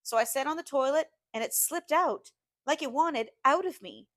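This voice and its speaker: A woman's voice: sits high, moderate pace, fairly bright tone, voice pushed up. A woman voicing a frightened young Southern wife, pleading and tearful. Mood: distraught pleading.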